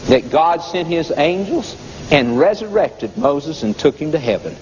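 A man preaching a sermon, telling a story slowly and dramatically, his pitch swinging between high and low. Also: very animated, a little mellow. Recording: dull reverberant hall recording with noise.

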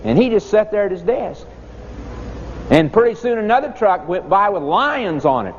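A man's voice: animated, moderate pace, a little hiss or hum. A man preaching a sermon in a folksy storytelling manner, from the rural countryside. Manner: folksy storytelling, swooping pitch. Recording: dull echoey hall recording.

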